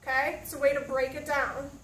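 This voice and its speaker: A woman teaches a classroom lesson in a high voice, stopping often to ask her students questions. She is picked up from across the room, so her voice sounds roomy and distant. A faint hum of the room sits underneath. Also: fairly even intonation, a little fast, fairly bright tone. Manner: checks in with students, asks questions.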